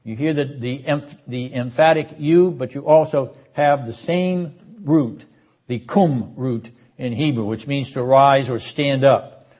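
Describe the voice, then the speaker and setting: An older man teaching a seminary class on a biblical prophet, speaking in a measured, emphatic way and sounding out Hebrew words. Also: mid-range voice, darkish tone, lo-fi sound. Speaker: seminary lecturer. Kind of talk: classroom Bible lecture.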